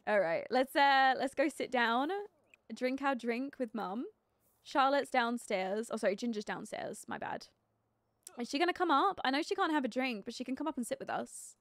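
A young woman with a high, bright voice runs a relaxed live game stream, thinking out loud and breaking into giggles. She greets her chat by name between comments on the game. The sound is close and dry, with no room around it. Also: normal speed, dry recording. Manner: chatty and giggly, thinking aloud with many fillers, greeting chat viewers. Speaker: live streamer playing a life-sim game. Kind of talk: casual gameplay commentary.

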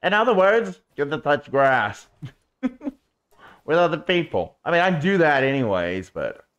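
Male streamer, casual game commentary, very lively pitch, coos at his pet. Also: measured pace. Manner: chatty, talks to viewers and coos baby talk at his pet creature.

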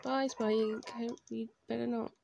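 A woman with a slightly high voice gives casual, chatty commentary while she plays a game. She is quick to gush and get excited, and she talks freely to her viewers from her bedroom at home. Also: creaky, noisy background. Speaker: video game streamer.

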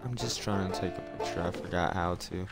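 A man giving profane, excitable commentary on his game as a channel host, yelling when things go wrong. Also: low voice, brisk, creaky. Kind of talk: let's play commentary. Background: game music.

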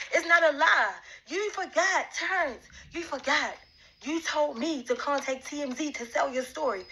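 A woman speaks in a high, bright voice, confronting someone directly. She talks in an emphatic, repetitive way, coming back to the same demands again and again. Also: poor audio. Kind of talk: direct-address accusation.

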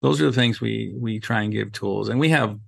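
Speaking briskly in a lowish voice with vocal fry and a fairly bright tone, a middle-aged man swaps stories as a podcast guest. He's a safety trainer who acts out dialogue and leans on "you know" a lot, recorded without echo in a casual conversational style.

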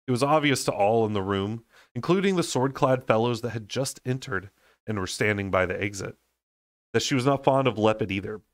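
Low-voiced guy reading a fantasy book aloud, dry close mic, no room sound. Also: a little fast, dry recording. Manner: unedited storybook narration. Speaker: book reader.

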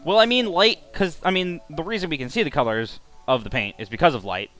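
A young man in casual gaming banter, joking and rambling with loud laughs. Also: a little high, brisk, faint music behind. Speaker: gaming commentator.

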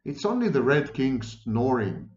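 A man's voice: mid-range voice, huge pitch swings, unhurried, darkish tone. A man reading aloud and voicing a smug, contemptuous boy twin who speaks triumphantly, recorded in a roomy space with dull sound.

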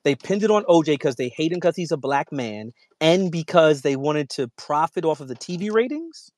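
A man's voice: on the high side, lively intonation, normal speed. A man from New York arguing in a heated debate, cutting in repeatedly to hold the floor and lay out his case step by step. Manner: interrupts with repeated "hold on", argues methodically. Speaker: debate guest.

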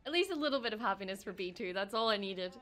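A woman reacting to a show as she watches, excitable and swearing freely, with laughs and gasps. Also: mid-range voice, very fast, music in the background. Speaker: reaction streamer. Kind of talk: live reaction commentary.

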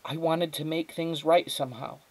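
A man's voice: a little high, steady tone, moderate pace, pitched above the performer's own voice, lightly acted, poor audio. A male teacher voicing an anxious, tearful mother in a storybook read-aloud, pleading and emotional.

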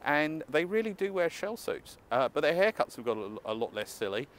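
A man's voice: on the high side, sing-song, brisk, a bit bright. Chatty man vlogging on a city street. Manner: chatty and enthusiastic, with wry asides. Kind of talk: casual walking vlog to camera. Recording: faint street noise outdoors.

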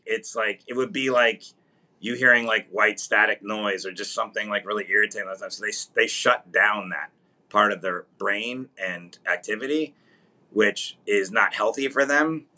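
Male comedy podcast co-host: low-ish but bright and punchy, teasing, prone to long casual explainers. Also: moderate pace. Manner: teasing, then explains at length.

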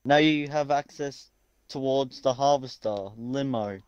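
Man, mid-pitched voice, casual gaming chat, dry teasing manner. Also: unhurried, a little mellow, clear, resonant tone, dry recording, lo-fi sound. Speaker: co-player in party chat.

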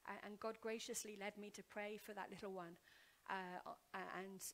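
A woman preaching a heartfelt testimony in church, telling her story earnestly and repeating words as she goes, often sinking to a hushed whisper before building up loud. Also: medium pitch, steady tone, normal speed. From Wales. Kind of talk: sermon testimony. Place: church hall.

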